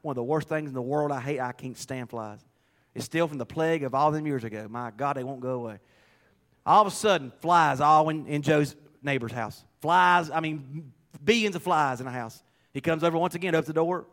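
High-voiced, folksy, emphatic male preacher. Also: brisk, fairly bright tone. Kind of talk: sermon.

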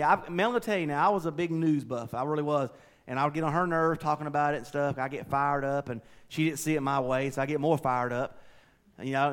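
Folksy preacher, higher-pitched man. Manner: folksy, conversational, swings from loud to quiet. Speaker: pastor. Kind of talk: sermon.

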